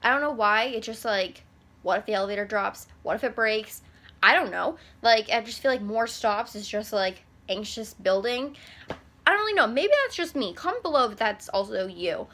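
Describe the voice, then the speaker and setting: A young woman tells a story to her camera in a loose, rambling way, sprinkling "like" through nearly every sentence. Her voice is bright and sits a little high. The delivery is casual and conversational. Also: lively intonation, normal speed. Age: young adult. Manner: chatty, rambling, filler-heavy with frequent "like". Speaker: vlogger.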